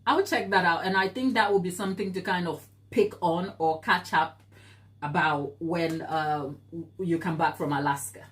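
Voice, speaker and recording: A woman's voice: on the low side, normal speed, fairly bright tone. A woman hosting a live baking stream, talking earnestly and encouragingly as she answers viewer comments, laughing easily. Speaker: baking show host.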